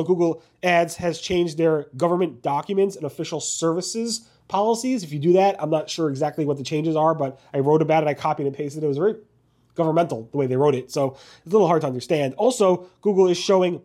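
Fast-talking man hosting a news recap. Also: on the high side, darkish tone. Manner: rapid, rushed delivery with frequent ums and self-corrections. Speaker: host of a weekly search news recap.

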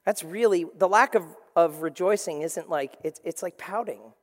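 Animated preaching man in a reverberant hall. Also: high voice, normal speed. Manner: animated, acts out voices, playful asides. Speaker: pastor. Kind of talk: sermon. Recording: long reverb of a large hall.

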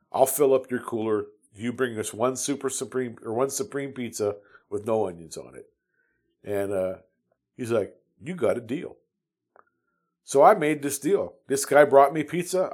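A man in his fifties from the United States tells his service stories in a relaxed, conversational way. He rambles, often restarts his sentences, and fills the pauses with "uh." His voice sits in an ordinary middle pitch. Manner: rambling, with many restarts and fillers. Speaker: Navy veteran telling his story. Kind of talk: casual storytelling.

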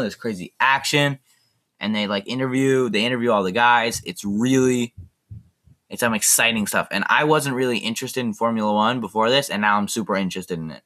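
With a medium-pitched, sharp-toned voice, this young solo podcast host talks eagerly and casually, rambling and filling gaps with plenty of fillers.

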